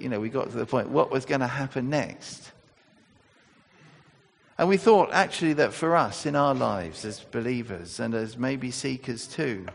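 A man's voice: mid-range voice, vocal fry. A man preaching a sermon, telling the story conversationally with fillers and restarts. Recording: echoey church hall.

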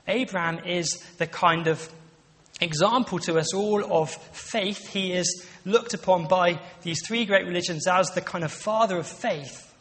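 A man's voice: high voice, fairly bright tone. A man giving a conversational sermon, with frequent restarts and asides. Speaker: preacher. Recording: long reverb of a large hall.

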